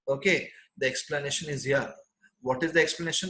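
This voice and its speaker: A man teaching, reading a story line by line and explaining it in simple English, with an animated delivery. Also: fairly high pitch, brisk, reverberant, poor audio. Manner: animated, reads text aloud then explains in simple English. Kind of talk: line-by-line literature lesson.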